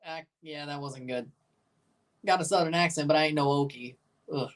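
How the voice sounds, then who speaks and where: A woman's voice: low voice, moderate pace, distant mic. A woman streaming a live soccer watchalong, bantering with viewers, swearing and chanting along. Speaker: streamer reacting to a soccer match.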